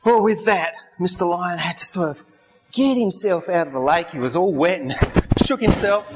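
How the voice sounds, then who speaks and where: Male pastor, high voice, chatty sermon with funny asides. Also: normal speed, husky. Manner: conversational storytelling with asides and humor.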